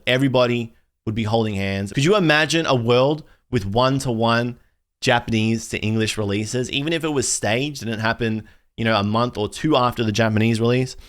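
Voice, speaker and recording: A man's voice: mid-range voice, a little fast. A young man hosting a casual pack-opening video, ranting in an exasperated, rambling way with frequent restarts. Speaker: card collector video host.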